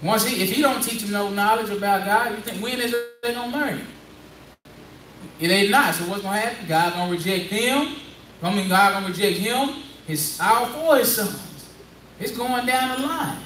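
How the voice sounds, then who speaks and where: A man's voice: high-pitched, moderate pace, fairly bright tone, a little hiss or hum. A man preaching in a conversational call-and-response style, prodding a reader through a Bible passage and repeating his points. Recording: echoey room, distant mic, faint ambience.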